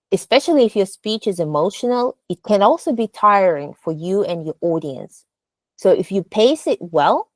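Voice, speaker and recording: A woman speech coach talks at an unhurried, deliberate pace in a fairly low voice, modelling how the voice should rise and fall on sample phrases. She is patient and instructional and leans on small fillers as she explains each point. The sound is dry and close. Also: darkish tone, dry recording. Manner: demonstrative, exaggerates rising and falling intonation in examples. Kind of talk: instructional lesson on delivery.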